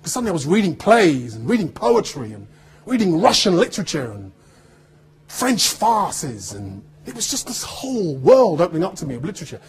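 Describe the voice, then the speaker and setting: A man with a neutral standard British accent speaks to a room of students in a very husky, raspy voice that sits fairly high for a man. His speech swings widely in pitch as he tells personal stories with laughter, acting out what other people said along the way. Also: fairly quick. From Birmingham, England. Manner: animated storytelling with laughter and acted-out quotes.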